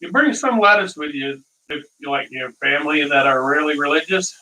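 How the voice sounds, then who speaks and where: A man's voice: fairly high pitch, animated, a little fast, bright, forceful tone. A man hosting a casual live cooking stream, rambling through stories and chuckling at his own dad jokes, from a distant mic.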